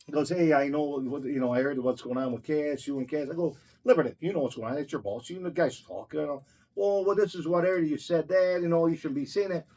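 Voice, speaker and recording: A man's voice: on the high side, quick pace, darkish tone. A man telling his own stories in a casual chat, blunt, heated and full of swearing. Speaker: storyteller recounting his own run-ins.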